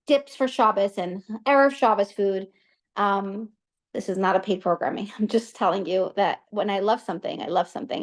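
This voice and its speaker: A chatty woman telling a personal story to a class, full of asides, restarts and quick plugs. Her pitch sits in an ordinary middle range, and she keeps things animated and casual throughout. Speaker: guest speaker.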